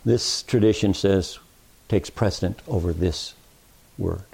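A man's voice: sits low, unhurried, vocal fry, a little mellow, husky. A man preaching an expository sermon, with rising, emphatic cadences.

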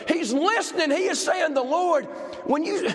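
A man with a very high voice preaches fervently to a congregation, repeating his lines and often rising to a shout. His voice rings through a church hall with a long, lingering reverb. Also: lively intonation, moderate pace. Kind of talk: sermon.

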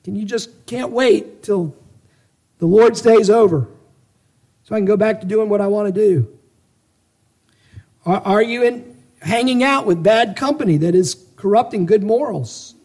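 A man's voice: high-pitched, unhurried, long pauses, darkish tone. A man preaching a sermon, pressing his listeners with a string of searching rhetorical questions and earnest exhortations.

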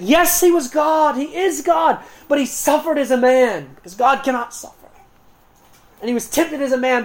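A woman preacher delivering a sermon, slowing down to stress key words and swinging between loud emphasis and quiet, hushed passages. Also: fairly high pitch.

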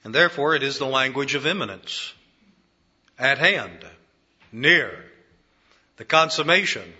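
A man preaching a sermon in a measured, emphatic way, repeating key phrases for weight. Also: medium pitch, expressive, bright, forceful tone, slightly rough, muffled recording.

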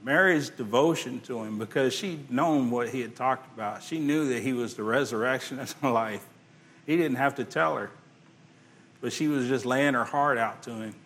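A man preaching a sermon, swinging between loud emphasis and hushed, quiet passages, reading scripture aloud in old-fashioned wording. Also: medium pitch, moderate pace. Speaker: pastor.

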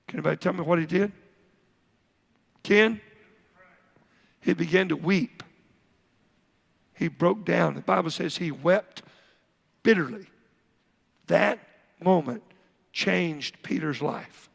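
A pastor with a high, gravelly voice preaches a sermon to his congregation. He asks them questions as he goes, and his words ring out with a long reverb through the church sanctuary. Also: takes it slowly, long pauses.

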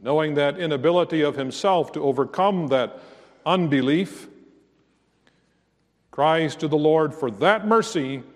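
A man preaching a sermon as pastor, slow and earnest, rising to emphatic declarations. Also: a little high, in a large hall.

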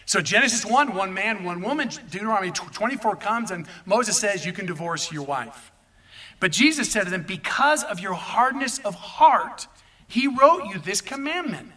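Pastor guy preaching, bright tone, sounds a bit far off from the mic. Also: high-pitched, normal speed. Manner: animated preaching with asides to the congregation. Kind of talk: sermon.

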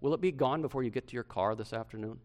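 A middle-aged male pastor preaching a sermon to his church, swinging from loud emphasis to hushed softness. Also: mid-range voice, quick pace.

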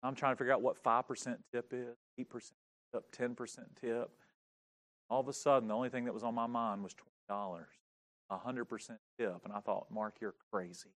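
A pastor telling a funny, self-mocking story during a sermon. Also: male voice, mid-range voice, fairly even intonation, fairly quick, fairly bright tone.

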